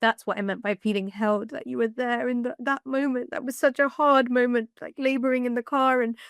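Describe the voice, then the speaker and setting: A young woman telling her own story as a podcast guest, lively and emotional, often laughing and acting out what others said. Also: fairly high pitch, a little fast, clear, resonant tone, dry recording, studio quality. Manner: lively, laughing retelling with quoted dialogue. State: emotional, close to tears. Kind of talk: personal storytelling.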